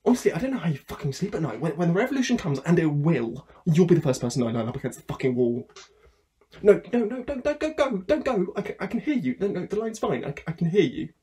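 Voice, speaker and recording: A man's voice: high-pitched, very animated, fast talker, hardly any pauses, warm tone. A man playing a stammering, desperate young courier. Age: young adult. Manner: stammering, pleading, bursts of anger. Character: desperate young male food courier on a phone call. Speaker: student actor. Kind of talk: theatre monologue performed online.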